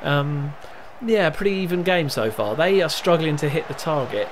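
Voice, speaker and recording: A man's voice: on the high side, moderate pace, noisy background. Chatty man commentating his football game. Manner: chatty, narrates match events, erupts with excitement at goals. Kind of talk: casual live game commentary.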